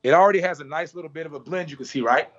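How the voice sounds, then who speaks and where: A man with a slightly high voice leads a hands-on haircutting class in a salon. He talks through each move with repeated cues like "watch this." The sound is dull and lo-fi. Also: rapid-fire, a bit bright. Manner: demonstrative, repetitive cues, playful sound effects. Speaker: barber educator.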